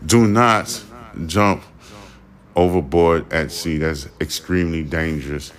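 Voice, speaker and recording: Deep-voiced man ranting bluntly. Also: slow pace, slight background noise. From Caribbean, family from Haiti. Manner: blunt, profane and emphatic. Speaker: podcast host. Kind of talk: podcast commentary rant.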